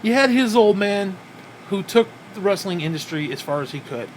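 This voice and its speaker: A man's voice: high-pitched, expressive, normal speed, slight background noise. A man ranting in a wrestling review, profane and exasperated, with frequent sighs.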